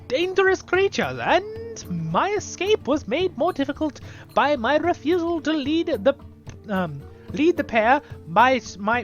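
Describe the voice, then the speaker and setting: A man's voice: extremely high pitch, voice pushed up, full character voice. A man voicing a proud young woman hunter in a game, reading her lines in a stern, warning tone.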